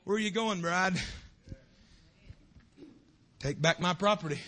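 A man preaching a fervent revival sermon in a church, swinging between shouting and hushed tones. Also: high voice, unhurried. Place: church sanctuary.

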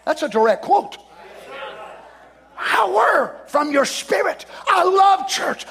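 A man in his sixties preaching a sermon, fervent, often shouting, then dropping to a hush. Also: very high-pitched, very animated, slow pace, vocal fry. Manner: fervent, often shouting, swings between loud and hushed. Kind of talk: revival sermon.

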